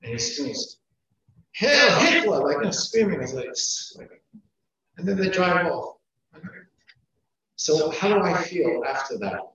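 A man's voice: fairly high pitch, expressive, moderate pace, pauses often, highs cut off. Guy teaching a class, repeats stuff for emphasis, far off mic, super echoey room. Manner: emphatic, repeats key phrases; counts off numbered points.

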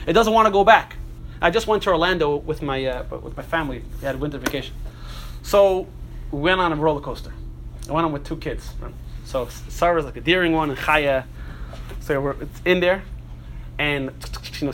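Animated man teaching a Torah class. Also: high voice, slight background noise. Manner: animated, frequent rhetorical questions to the group; repeats and restarts phrases while thinking. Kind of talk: Torah class lecture to a group.

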